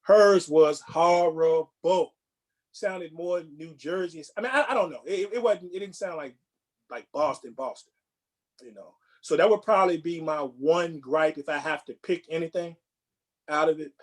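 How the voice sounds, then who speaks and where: This man co-hosts a podcast and chats casually, his pitch a bit on the high side and his speed normal. His talk wanders in a relaxed way, with repeated words and sentences he starts over.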